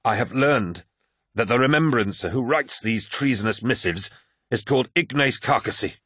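A man doing a cold warrior plotter who speaks in a slow, deliberate, menacing way, raised above the narrator's own pitch. The voice is husky and the audiobook sound is dry and close. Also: a bit bright, no room sound. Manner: measured, menacing. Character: scheming, cold male warrior conspirator. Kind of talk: audiobook character voice.

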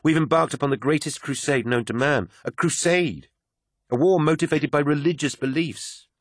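A man's voice: a little high, moderate pace, no room sound, clean studio sound, pitched above the performer's own voice, lightly acted. A man voicing a fervent, devout young woman who preaches earnestly.

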